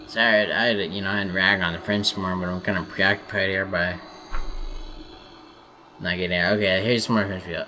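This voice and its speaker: A man's voice: deep voice, steady tone, moderate pace, pauses often, noisy background. A young man rambling through a profane, sarcastic rant while playing a game. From United States. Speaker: gaming commentator. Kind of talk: rambling rant over gameplay.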